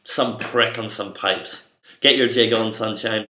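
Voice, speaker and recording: A man's voice: fairly low pitch, fairly even intonation, a little slow, pushed and bright, soft background music. A young Irish man giving a mock-stern, bossy comic rant to camera. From Ireland. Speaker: comedy vlogger. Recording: echoey room.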